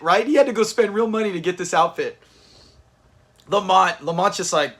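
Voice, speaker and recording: Livestream host, male, high and bouncy delivery, casual chat with viewers, quick to laugh. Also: lively intonation, a bit bright. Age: adult with kids. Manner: chatty, laughs often, talks to viewers in chat. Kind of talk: live watch-party reaction commentary.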